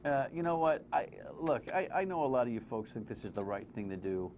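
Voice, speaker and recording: A man's voice: mid-range voice, animated, brisk, a little mellow. Blunt, sarcastic TV commentator man. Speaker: TV host and commentator. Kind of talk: opinionated TV commentary. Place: TV studio. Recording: faint background noise.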